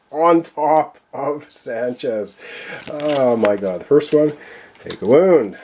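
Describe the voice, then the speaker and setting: A man with a voice he says he is losing, commenting excitedly on his own solo board game play and counting cards aloud. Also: medium pitch, very slow. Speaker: board game player and channel host.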